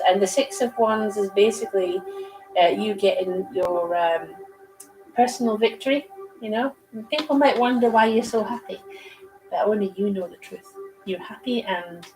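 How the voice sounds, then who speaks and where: A woman's voice: mid-range voice, rough recording. A woman giving casual livestream tarot readings, chatty and rambling, laughing easily between cards. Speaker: psychic reader on a livestream. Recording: music playing behind.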